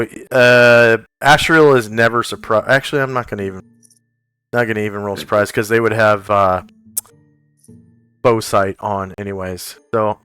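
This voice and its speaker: A man running a tabletop game as game master, narrating the scene and explaining rules in a casual, halting way full of fillers. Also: mid-range voice, a bit bright, clean tone, dry recording.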